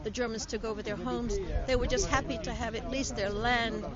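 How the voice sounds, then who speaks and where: A woman's voice: a little high, fairly even intonation, a little fast. Older American woman chatting outdoors. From United States. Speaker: interview guest. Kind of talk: casual on-location interview. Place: outdoors at a public ceremony. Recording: lo-fi outdoor audio with crowd.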